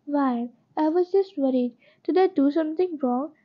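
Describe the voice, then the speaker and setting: Gentle, placating young wife, voiced by a woman; high pitch, lo-fi recording. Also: moderate pace, lightly acted. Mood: soft, placating. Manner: soft and placating. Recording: dull lo-fi recording.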